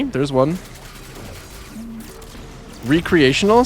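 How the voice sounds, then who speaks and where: Animated man chatting on a game stream. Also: medium pitch, fairly quick, slight background noise. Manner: rambling, self-deprecating, chats with viewers while playing. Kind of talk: casual gaming stream chat.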